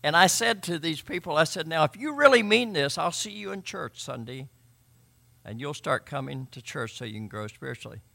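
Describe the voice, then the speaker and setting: A man preaching a sermon, emphatic, swinging between loud and quiet and often repeating words. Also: fairly high pitch, moderate pace, creaky. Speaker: pastor.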